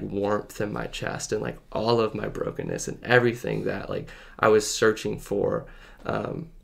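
In casual podcast conversation, a man with a lowish voice and vocal fry tells his personal faith testimony. He comes across as earnest and halting, fills gaps with filler words, and at times nearly breaks into tears.

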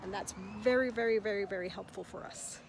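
A woman teaching Spanish to expats, speaking slowly and repeating each word carefully in an upbeat, encouraging way. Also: medium pitch, gravelly. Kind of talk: language lesson. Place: outdoors in a city park. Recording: outdoor noise, birds and traffic.

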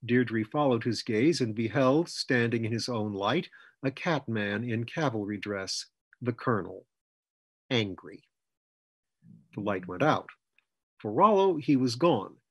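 Male storyteller, husky mid-pitched voice, dry close recording. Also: expressive, dry recording. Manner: measured storytelling. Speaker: author reading his story. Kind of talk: scripted narration.

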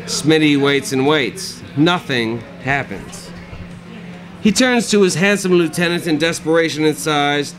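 A man's voice: fairly high pitch, expressive, a little slow, fairly bright tone, slight background noise, poor audio. Man giving a dry, sardonic reading. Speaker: author reading his own work. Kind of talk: live literary reading. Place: cafe, live reading.

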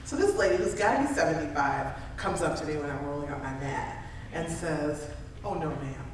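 A woman with a low voice and a brisk pace delivers a funny motivational keynote to a live audience in a large conference room. She tells animated stories, pokes fun at herself and laughs often. The distant mic picks up a very echoey room and ambient noise.

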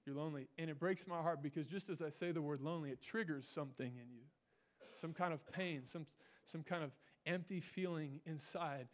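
High-voiced young pastor, swinging loud to hushed. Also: male voice, a little fast. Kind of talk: sermon with personal story. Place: church stage.

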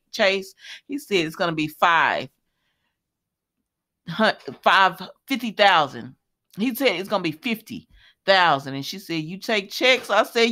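A woman's voice: medium pitch, pushed and bright. A woman casually recapping a soap opera episode, chatty and colloquial, adding her own running commentary and talking to viewers as y'all. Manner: chatty, retells scenes with running commentary and laughs.

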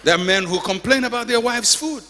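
An older pastor preaching a sermon in a church, with emphatic, repetitive exhortation and humorous asides. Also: male voice, very high voice, a little fast, pushed and bright. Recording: echoey church hall.

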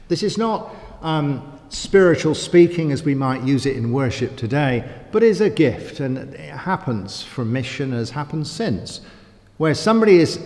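A man's voice: fairly high pitch, a little mellow. A man preaching a sermon in a church, conversational, with frequent asides and rhetorical questions. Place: church sanctuary. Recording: church hall with long reverb.

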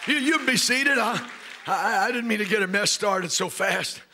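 A man preaching a loud, fiery Pentecostal sermon to a congregation in a church. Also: high-pitched, moderate pace, a crowd in the background, noisy background. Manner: loud, shouting, preaching with rising bursts.

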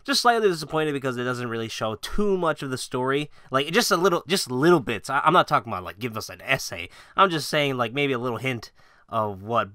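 A man's voice: mid-range voice, bright, forceful tone, dry recording, clean studio sound. A young man chatting casually about games and movies, rambling with lots of filler words, laughing and swearing. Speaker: channel host.

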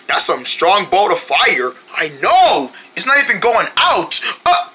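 A woman's voice: medium pitch, sharp tone, slightly rough. A woman performing playful skits and mock ads, switching between silly character voices.

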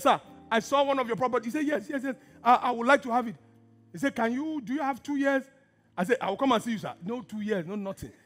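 Animated husky pastor. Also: male voice, very high voice. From Nigeria. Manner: animated storytelling, acts out dialogue, drops to hushed asides. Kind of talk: sermon with personal story.

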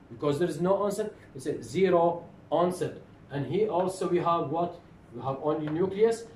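A man's voice: fairly high pitch, darkish tone. Man, lecturing, repetitive, echoey, faint background noise. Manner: repetitive, asks questions and answers them. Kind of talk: phonetics lecture.

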